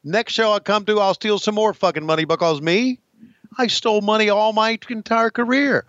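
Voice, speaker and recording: A man's voice: high voice, steady tone, moderate pace, a bit bright, dry recording, lo-fi sound, voice pushed up. A man mimicking a brash, foul-mouthed male wrestler who brags crudely and swears a lot. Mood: boastful.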